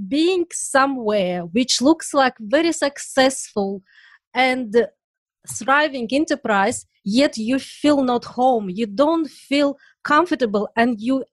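A woman's voice: high-pitched, lively intonation, slow pace, no echo. Earnest woman co-host, dry sound. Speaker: podcast co-host. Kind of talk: podcast interview.

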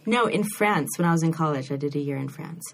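A woman's voice: deep voice, quick pace, a little hiss or hum. An American woman, a novelist, chatting as a guest in an interview with frequent ums and restarts. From United States. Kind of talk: casual interview chat.

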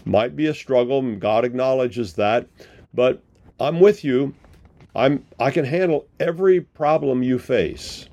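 Guy pastor preaching, kinda rough gravelly voice, tells the bible story like a chat. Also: mid-range voice, unhurried, dark tone. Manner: conversational storytelling with paraphrased dialogue. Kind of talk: sermon.

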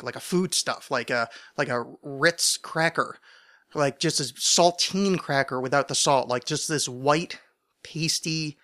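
Rambling, bright-voiced man hosting a podcast. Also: medium pitch. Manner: rambling, self-deprecating, full of restarts and asides. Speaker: podcast host. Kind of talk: casual rambling solo monologue.

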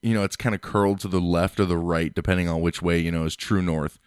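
A man's voice: low-pitched, fairly even intonation, fast, smooth, no echo, clean studio sound. A man as a podcast guest, telling crude stories in a laid-back casual chat.

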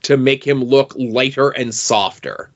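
A man's voice: mid-range voice, measured pace. Hesitant man analyzing comic art, lo-fi. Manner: thoughtful, hesitant, many fillers. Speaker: podcast co-host. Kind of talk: casual comic book analysis. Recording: dull lo-fi podcast audio.

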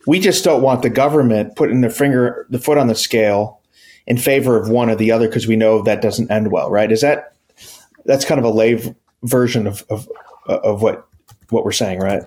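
A man hosting a podcast, talking in a friendly, halting way with many fillers. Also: on the low side, a little mellow. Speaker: podcast host. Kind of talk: casual interview chat and scripted outro.

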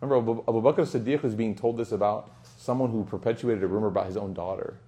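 A man with a lowish, warm voice leads a religious study circle as an informal lesson, talking rapid-fire. He keeps it casual and joking, telling anecdotes and acting out the dialogue.

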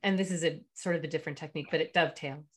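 A woman with a fairly low voice hosts a podcast interview. She speaks in an affirming, reflective way, drawing on her own work as a parent coach. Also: fairly even intonation, very fast.

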